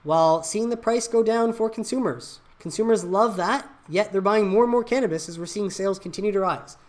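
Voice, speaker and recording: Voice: medium pitch, fairly quick. A host giving casual, opinionated market news commentary, reading headlines aloud and adding blunt asides. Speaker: channel host.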